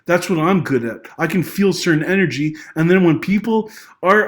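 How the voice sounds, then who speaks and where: A young adult man talks straight to camera in a loose, rambling monologue, stumbling over restarts and apologizing as he goes. His voice sits a little high for a man and rises sharply whenever his anger flares. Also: expressive, normal speed. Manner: agitated, voice rising when angry. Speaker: vlogger giving social commentary. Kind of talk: unscripted personal monologue.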